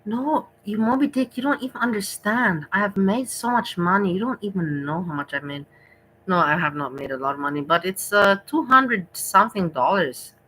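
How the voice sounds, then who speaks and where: Ranting woman streamer with a bright voice. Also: medium pitch, moderate pace, slight background noise, poor audio. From Europe. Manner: frustrated, ranting, heavy swearing. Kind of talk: reaction livestream rant.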